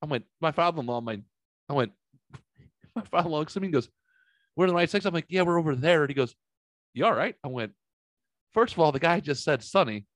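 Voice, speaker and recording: A man in his forties spins a story in a casual podcast chat. He acts out every line of dialogue with big swings in pitch and drops curse words freely. The room sounds close and dry. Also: dry recording. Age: 40s. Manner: animated storyteller, acts out quotes, swears freely. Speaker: podcast co-host.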